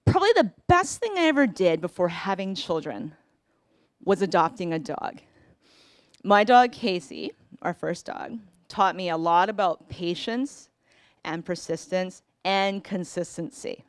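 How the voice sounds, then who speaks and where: A woman in her forties telling a personal story on a live storytelling stage, conversational, with pauses and self-corrections. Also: fairly low pitch, lively intonation, dry recording, studio quality.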